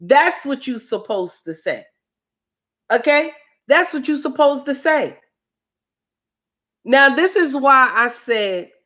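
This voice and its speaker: Slow, preachy woman on a livestream. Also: on the high side, fairly bright tone. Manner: preachy, repeats lines for emphasis. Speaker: livestream host. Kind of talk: casual commentary livestream.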